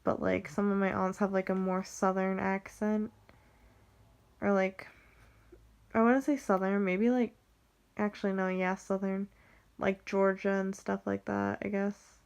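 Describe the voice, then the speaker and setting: A woman's voice: mid-range voice, little pitch movement, a little slow, vocal fry, long pauses, a little mellow, clean tone. A young woman with a Western American accent, chatting casually and rambling about her family, saying "like" constantly. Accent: General American, Western US. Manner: rambling, heavy use of "like", frequent restarts. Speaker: vlogger.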